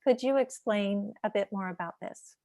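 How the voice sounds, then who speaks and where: A woman's voice: medium pitch, moderate pace, warm tone, no room sound, clean studio sound. A woman hosting an online talk, reading audience questions aloud with enthusiasm.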